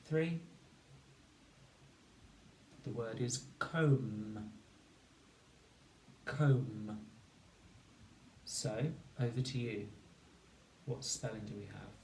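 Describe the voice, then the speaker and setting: A man teaching a phonics lesson to children, slowly and clearly sounding out each word. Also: mid-range voice, dark tone. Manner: slow, clear sounding-out of words. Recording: echoey room, distant mic, faint noise.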